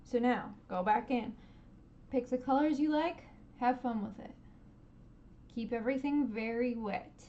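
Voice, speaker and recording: A woman streaming a live painting lesson, gently encouraging viewers and making playful sound effects as she paints. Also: fairly high pitch, unhurried, long pauses, lo-fi sound, slight background noise.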